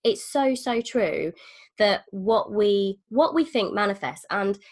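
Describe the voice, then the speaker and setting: A woman's voice: medium pitch, expressive, slow, darkish tone. Chatty woman hosting a podcast. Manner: chatty, enthusiastic, acts out quoted voices. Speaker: podcast host. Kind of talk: casual podcast conversation.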